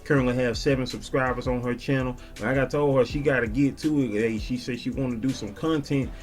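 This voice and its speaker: A man vlogging casually, shouting out viewers and reading their comments in a slangy, laid-back way. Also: mid-range voice, fairly even intonation, a little fast, soft background music. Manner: slangy and laid-back, peppered with "you dig". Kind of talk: casual chat.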